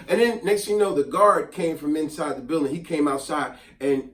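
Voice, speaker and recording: A middle-aged man spins a casual, animated story and slips into voices for the people in it. His voice sits a bit high for a man. He sounds distant from the mic, in a roomy space. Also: moderate pace, raised voice. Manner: animated, acts out voices in quotes.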